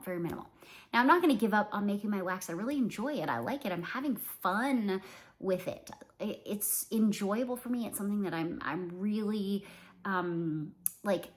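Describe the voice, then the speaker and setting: Chatty Canadian woman in her forties vlogging. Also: medium pitch. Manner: chatty, rambling, many fillers and "like"s. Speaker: small business owner and vlogger. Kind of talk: casual talk to camera.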